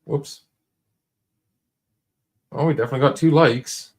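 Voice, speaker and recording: Man, livestream host, casual and rambling, mid-pitched, lots of restarts. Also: darkish tone, breathy edge. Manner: rambling, halting, many restarts and fillers; laid-back and encouraging, talks straight to viewers.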